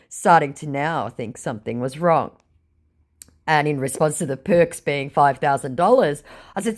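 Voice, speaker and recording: A woman's voice: deep voice, normal speed. A woman, mockingly narrating a story about baiting a scammer. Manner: dry, mocking sarcasm. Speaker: scam-baiting channel host.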